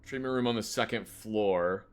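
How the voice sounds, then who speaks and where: A man's voice: fairly low pitch, moderate pace. A man streaming a horror game live, chatting casually and muttering to himself as he plays, now and then humming little choo-choo noises. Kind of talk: casual live gameplay commentary.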